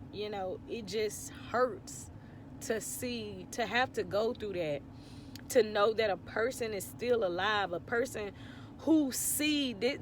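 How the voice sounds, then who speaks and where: Brief: tearful woman in her 30s, heartfelt rambling testimony, phone mic in a car, faint traffic behind. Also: mid-range voice. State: teary, on the verge of crying. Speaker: vlogger. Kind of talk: emotional faith testimony to viewers.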